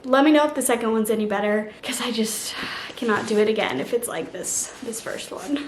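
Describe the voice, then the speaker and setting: A young woman chatting casually about books in a vlog, gushing and animated, full of slang. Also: on the high side, fairly quick, slight background noise. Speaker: book vlogger. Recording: echoey room with faint ambience.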